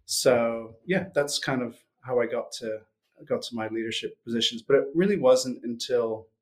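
A man's voice: mid-range voice, moderate pace, darkish tone. Hesitant man chatting as a podcast guest. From Switzerland and US upbringing. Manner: hesitant, frequent restarts and fillers. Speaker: guest, sales executive. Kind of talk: casual interview chat.

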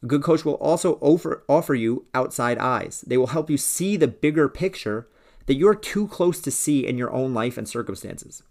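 A man's voice: mid-range voice, darkish tone. A man hosting a solo podcast, speaking in an earnest, persuasive way about working with a coach. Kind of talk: solo motivational podcast talk.

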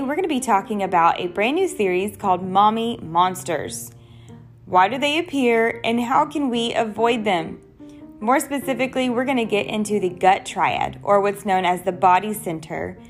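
Soft music runs under this young adult woman's solo podcast as she talks to listeners directly, animated yet earnest and personal. She speaks conversationally at normal speed, her pitch in the middle range.

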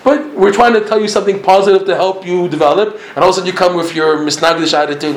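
A man's voice: high voice, fast, few pauses, a little hiss or hum. A man giving a religious lecture in an emphatic way, often repeating himself and chuckling. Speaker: religious teacher. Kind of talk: Torah lecture. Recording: roomy echo.

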